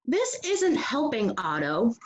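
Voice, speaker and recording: Excitable little boy from a storybook, voice jumps way up and down, slow and drawn out, teacher doing the voice. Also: on the high side, a little hiss or hum, full character voice. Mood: frustrated. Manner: eager, exclaiming. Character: cheerful young boy, excitable then flustered. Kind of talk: storybook read-aloud.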